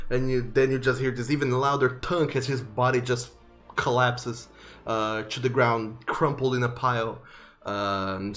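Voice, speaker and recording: A man narrating a tabletop game as game master, vivid but halting, with many fillers. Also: mid-range voice, fairly bright tone.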